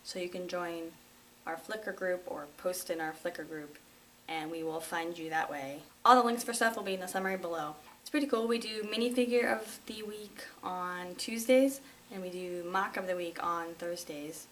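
A woman's voice: fairly low pitch, moderate pace. A young woman hosting a casual vlog, chatty and wry, poking fun at herself. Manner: wry, self-mocking, chatty. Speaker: host. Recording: slightly distant mic, faint room noise.

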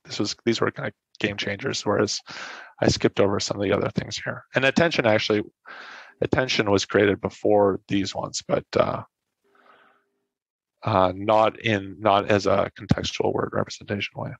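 A man with a fairly low voice gives a casual technical lecture, often stopping to rephrase and fill gaps with "uh" and "like". The recording sounds dull and lo-fi, and it is dry, with no room echo. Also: level tone, normal speed, gravelly, husky. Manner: casual, self-correcting explanations with frequent fillers. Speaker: presenter. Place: online meetup talk.

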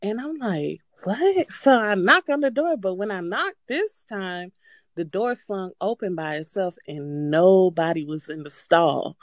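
A woman calling in to a show, telling a story in a casual, animated way, swearing freely and breaking into nervous laughter. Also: fairly low pitch, unhurried, dry recording. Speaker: caller.

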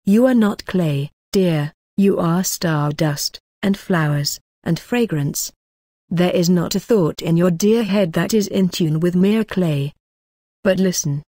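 Woman voicing an effusive young man in love, audiobook read, lowish voice, dry close sound. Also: slow pace, dark tone, no room sound. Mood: ardent. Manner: effusive, poetic declarations.

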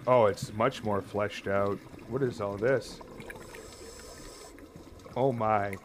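A man streaming a horror game, commentating live and often yelling and swearing in panic. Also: lowish voice, steady tone, slow pace, slight background noise.

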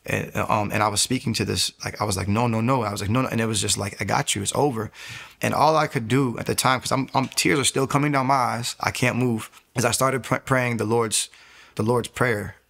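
A man's voice: medium pitch, steady tone, brisk, creaky, fairly bright tone. A man telling his own faith testimony as an interview guest, earnest and candidly confessional. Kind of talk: personal testimony storytelling.

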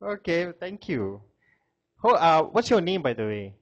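A man's voice: on the high side, sing-song, measured pace, dull audio. A man giving a classroom lecture, chatting with students, asking questions and laughing often.

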